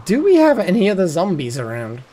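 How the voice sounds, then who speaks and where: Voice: mid-range voice, huge pitch swings, fairly quick, dark tone, slight background noise. A streamer giving live gameplay commentary, thinking aloud, muttering and swearing at the game.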